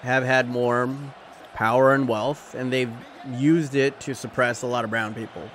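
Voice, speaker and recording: A man's voice: mid-range voice, fairly even intonation, measured pace, a bit bright, a little hiss or hum. A young man streaming, talking casually and rambling to his chat, often swearing. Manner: rambling, chatty, profane, laughs at chat.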